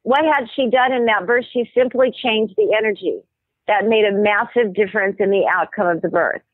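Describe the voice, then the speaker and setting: A woman, a medical anthropologist guest, explaining ideas and telling stories in a measured way with thoughtful pauses. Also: mid-range voice, no echo. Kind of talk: explanatory interview talk. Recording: tinny phone-line audio.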